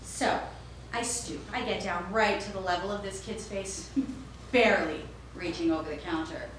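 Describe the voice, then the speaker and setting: A woman's voice: medium pitch, normal speed. A woman performing a staged storytelling monologue, playing a store clerk and acting out every character. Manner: animated, acts out every character. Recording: echoey, distant, faint noise.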